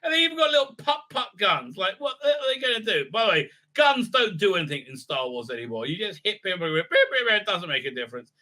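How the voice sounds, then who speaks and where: A man's voice: high-pitched, big pitch swings, fast talker, hardly any pauses, sharp tone. A man giving a casual, mocking review, rambling with many fillers. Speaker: video reviewer.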